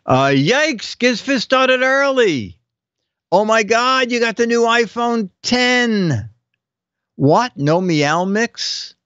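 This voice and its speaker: A man's voice: sits high, expressive, takes it slowly, a bit bright, clear, resonant tone, no echo, dull audio. An older man hosting a casual live show, reading viewers' joke captions aloud and chuckling between them. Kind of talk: casual comedic live-stream chat.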